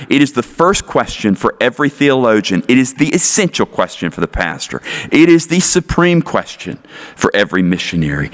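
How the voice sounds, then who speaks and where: A male pastor preaching a sermon in an earnest, emphatic way, pressing his points with repeated rhetorical questions. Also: mid-range voice.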